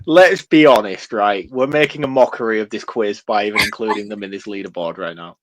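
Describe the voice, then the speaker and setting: A young man with a Yorkshire accent, co-hosting a podcast and teasing the others in animated banter. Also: on the low side, fairly quick. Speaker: podcast co-host. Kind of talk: casual podcast chat.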